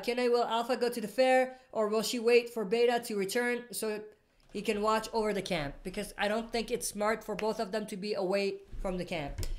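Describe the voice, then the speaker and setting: A woman hosting a casual live stream, reading out viewer comments and answering in a rambling way, often stopping to correct herself. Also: medium pitch. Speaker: livestream host answering viewer questions.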